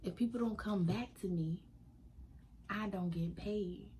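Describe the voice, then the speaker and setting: A woman telling a story to her viewers in a lively, sassy way. She laughs often. A faint hiss of background noise sits behind her voice. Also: mid-range voice, measured pace. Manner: animated, sassy, laughing often, African American Vernacular English slang. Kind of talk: casual storytime.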